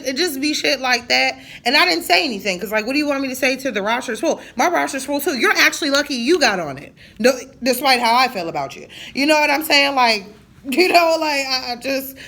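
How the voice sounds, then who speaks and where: A woman's voice: sits high, bright, forceful tone. A woman in her thirties venting in a casual monologue, blunt and profane, telling her story with jokes. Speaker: vlogger.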